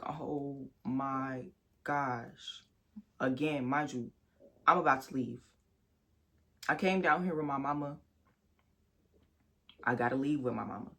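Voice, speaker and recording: A young woman telling a personal story on her vlog, talking frankly and with lots of swearing, speaking straight to her viewers and sometimes bursting into loud, high outrage. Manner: candid, profane storytelling that addresses viewers directly. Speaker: vlogger.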